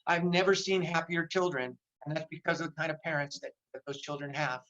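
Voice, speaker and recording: A man's voice: a little high, a little fast, a bit bright, muffled recording. An older man giving an impassioned motivational talk in a virtual seminar, repeating phrases for emphasis. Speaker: motivational speaker. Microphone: video call.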